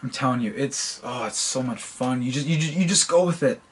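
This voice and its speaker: Guy on a podcast rambling thru a story, keeps repeating words, average pitch. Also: fairly quick, a little hiss or hum. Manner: stammers and repeats words while telling stories. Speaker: podcast co-host. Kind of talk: casual storytelling chat.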